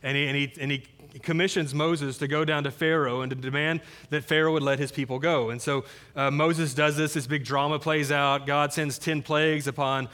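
Guy preaching a sermon, kinda higher voice, keeps repeating himself, earnest. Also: steady tone, normal speed, fairly bright tone. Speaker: pastor.

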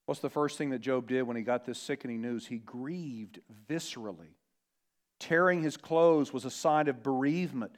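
Earnest male pastor preaching. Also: mid-range voice. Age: adult parent. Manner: earnest, emphatic, slows down on key words. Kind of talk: sermon.

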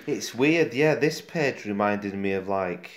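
A man with a Yorkshire accent chatting casually about comics as a co-host, relaxed and full of fillers. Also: lowish voice, a little slow. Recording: roomy echo.

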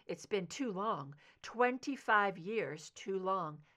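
A woman reader voicing a grieving adult son, speaking low, subdued and halting. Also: animated, bright, forceful tone. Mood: somber.

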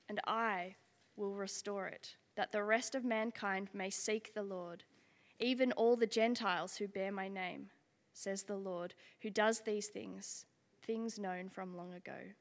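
Woman reading scripture in a reverberant hall. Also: medium pitch. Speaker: scripture reader. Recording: long reverb of a large hall.

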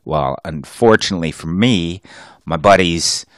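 A man co-hosting a podcast, chatting casually in an animated way, quick to joke and swear. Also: low voice, no room sound, clean studio sound. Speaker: podcast co-host.

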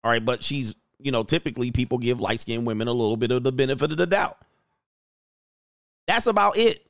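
Brief: middle-aged man, blunt dating coach, animated storyteller, dry close sound. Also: medium pitch, fairly quick, no room sound. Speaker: dating coach reacting to clips. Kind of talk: casual commentary.

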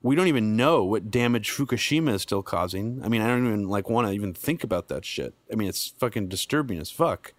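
A man's voice: lowish voice, lively intonation, fast talker, few pauses, dry recording. Man, podcast host, casual blunt talk, swears a lot, dry close mic. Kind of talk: casual chat.

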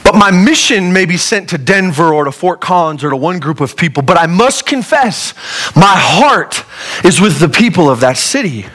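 A man's voice: very animated, moderate pace. Earnest conversational male preacher. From Colorado, USA. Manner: earnest, conversational preaching with wide swings in pitch and loudness. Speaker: pastor. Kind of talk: sermon.

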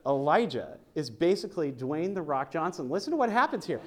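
Guy preaching at church, kinda high voice, casual jokey sermon with scripture reading. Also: sing-song, brisk. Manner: conversational and joking, reads scripture aloud.

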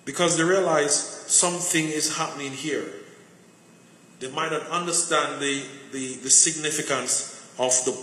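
In an echoey hall with faint background noise, a man preaches a conversational sermon packed with personal stories. His voice is fairly high and sharp, his intonation fairly even and his pace measured, and he often repeats words while searching for the right one.

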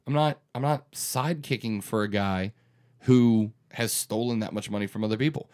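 A man's voice: fairly low pitch, moderate pace, a little mellow. A man in his thirties who hosts a radio morning show, speaking in an earnest, emphatic way with frequent restarts during a conversational interview.

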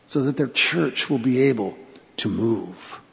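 Gravelly man preaching in reverberant church. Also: medium pitch, expressive, a bit bright. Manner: storytelling, with pauses for emphasis and repeated phrases. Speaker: pastor. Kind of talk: sermon. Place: church sanctuary.

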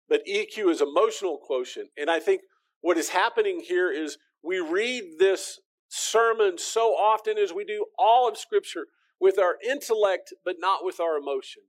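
Pastor, male, high-pitched, earnest sermon delivery that builds to emphatic peaks and falls soft. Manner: earnest, rising into emphatic preaching, drops to soft tones; repeats words, talks to the congregation directly.

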